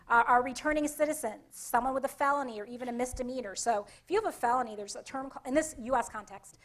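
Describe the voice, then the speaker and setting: A woman with a Connecticut accent presenting a conference workshop in a lively, conversational way, often putting questions to the audience. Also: high-pitched.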